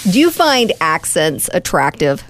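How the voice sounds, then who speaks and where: A woman's voice: sits low, big pitch swings, a little slow, dry recording. A woman co-hosting a casual talk show, reading out stories in a matter-of-fact way. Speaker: radio co-host. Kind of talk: casual chat.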